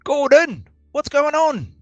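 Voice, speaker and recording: A brash young dragonborn snaps out his challenges in a sharp, high-pitched voice, as a game master puts him on. He sounds blunt and confrontational. It is a voice for a tabletop fantasy game. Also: sing-song, takes it slowly, no room sound, lo-fi sound, soft background music, full character voice. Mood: indignant.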